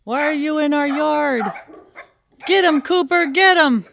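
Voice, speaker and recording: A woman voicing a pack of bold, excitable puppies guarding their yard, speaking high and eager. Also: a little slow, gravelly, a little hiss or hum, heavily acted. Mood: indignant. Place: backyard, outdoors. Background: dogs barking.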